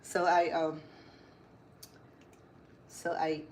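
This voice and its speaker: A woman's voice: low-pitched, level tone, drawn-out words, a little mellow, slight background noise. A middle-aged woman chef chatting through a casual cooking demonstration, wandering into stories and correcting herself as she goes. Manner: chatty, rambling, corrects herself mid-sentence.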